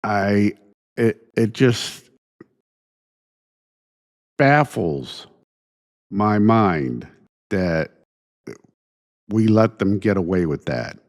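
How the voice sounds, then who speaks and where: A man hosting his own show, ranting indignantly in a halting way, restarting phrases and sighing between thoughts. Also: lowish voice, lively intonation. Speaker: podcast host. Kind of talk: solo opinion rant.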